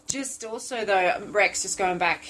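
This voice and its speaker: A woman's voice: medium pitch, measured pace, fairly bright tone, a little hiss or hum, poor audio. A woman chatting casually on a podcast about her competitions, with lots of fillers. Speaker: strongwoman competitor, podcast co-host.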